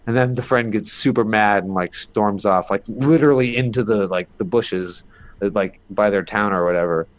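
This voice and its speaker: A man's voice: on the low side, moderate pace. A man telling a creepy story as a podcast guest, in a rambling, casual way full of fillers and the odd swear.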